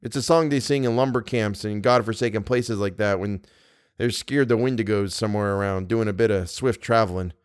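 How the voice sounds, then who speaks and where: A man voicing an uneasy backwoods Canadian guide with rough, folksy speech that sinks to a fearful hush. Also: lowish voice, a little fast, dry recording, studio quality, lightly acted.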